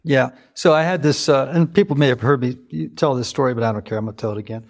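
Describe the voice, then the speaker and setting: A man in his fifties hosting a podcast interview, telling stories earnestly with lively emphasis. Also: medium pitch, quick pace. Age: 50s. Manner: earnest, storytelling, animated emphasis. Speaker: podcast host. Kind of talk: casual interview chat.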